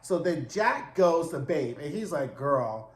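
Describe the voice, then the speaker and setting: A man recapping a TV episode in a casual monologue, animated, campy and profane in his storytelling. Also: a little high, measured pace, roomy sound. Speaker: TV recap reviewer.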